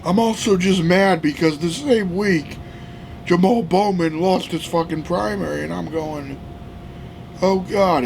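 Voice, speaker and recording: A man from the United States ranting heatedly about politics, profane and often shouting. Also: fairly high pitch, slight background noise. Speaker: political vlogger.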